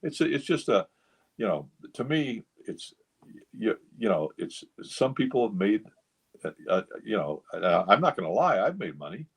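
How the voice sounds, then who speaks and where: The guest, a man over sixty who collects memorabilia, talks at a moderate pace in a fairly low, slightly rough voice with vocal fry and big pitch swings. On this casual radio chat he tells rambling stories crammed with fillers.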